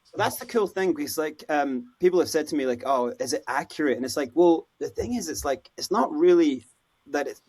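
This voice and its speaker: A Scottish man, a podcast guest, telling stories in a casual, animated way and acting out the voices of people he quotes. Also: fairly high pitch, brisk, breathy edge. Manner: animated, acts out quoted voices, lots of "you know, like". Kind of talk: casual storytelling interview.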